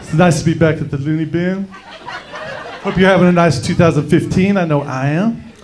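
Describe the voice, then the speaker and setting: A man doing a crude, brash stand-up set on a comedy club stage, with an American accent, shouting his punchlines into a handheld mic. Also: high voice, normal speed. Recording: live club recording with loud crowd and music. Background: audience laughter.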